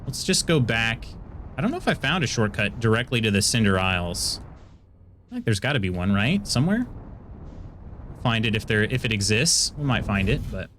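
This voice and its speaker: At a normal speed, a man with an American accent talks casually to viewers as he plays a video game on stream, spiking into excited, high-pitched bursts. A slight hiss or hum sits under the recording.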